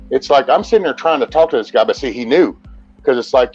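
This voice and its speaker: A man's voice: medium pitch, brisk, darkish tone, soft background music. A man ranting angrily and profanely about a support call in casual chat. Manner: angry profane rant. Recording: slightly dull lo-fi sound.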